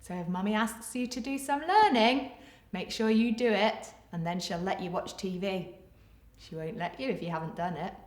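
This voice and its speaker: A woman's voice: medium pitch, slight background noise. A woman, a primary teacher who reads a picture book aloud in a sing-song way and then gives a coaxing phonics lesson to young children. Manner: animated, sing-song storytelling, coaxing and encouraging. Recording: echoey room.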